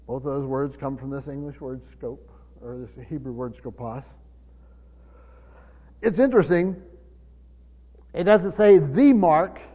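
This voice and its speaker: Man preaching in a reverberant church. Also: medium pitch. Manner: repeats words, asks the congregation questions. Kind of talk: Bible teaching sermon. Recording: dull hall recording with reverb.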